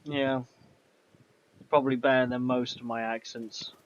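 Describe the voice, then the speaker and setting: A man's voice: medium pitch, level tone, measured pace, a little hiss or hum. Chatty man rambling over gameplay. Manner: chatty, rambling, answers chat aloud. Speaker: game streamer. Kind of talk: casual gameplay commentary. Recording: slightly dull, faint background music.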